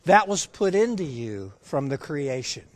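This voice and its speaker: Guy preaching, high voice, slow and easy pace, keeps asking the crowd stuff. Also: big pitch swings, no echo. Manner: engaging, asks the audience questions; acts out dialogue in the story. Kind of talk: sermon with a personal story.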